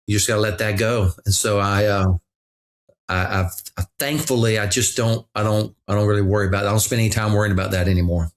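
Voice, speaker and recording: A man's voice: lowish voice, steady tone, fast talker. Earnest middle-aged man telling a story. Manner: earnest storytelling with frequent restarts. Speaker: podcast guest, pastor. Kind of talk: reflective conversation.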